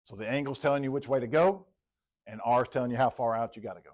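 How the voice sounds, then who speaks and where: A man's voice: medium pitch, fast, a little mellow. A man teaching a classroom lesson, working problems on the board and calling on students by name. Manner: talking while plotting on the board, quizzing students by name. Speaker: math teacher. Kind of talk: classroom lecture.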